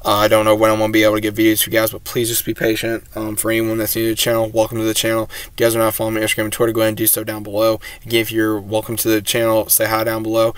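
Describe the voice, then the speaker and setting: A man's voice: lowish voice, completely flat delivery, very fast, few pauses, clear, resonant tone, no room sound. A man reviewing an anime episode, retelling it in a rambling, casual way with many fillers.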